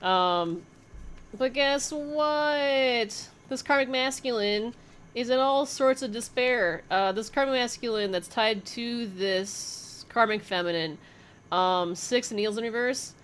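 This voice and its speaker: A woman's voice: medium pitch, a bit bright, slight background noise. A young woman giving a casual tarot reading, thinking aloud with fillers, swearing freely and laughing often. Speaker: tarot reader.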